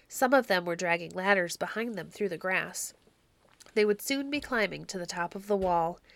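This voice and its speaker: A woman's voice: medium pitch, a bit bright, dry recording. Woman reading a storybook, dry sound. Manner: measured, clear storytelling. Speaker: audiobook narrator. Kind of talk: storybook narration.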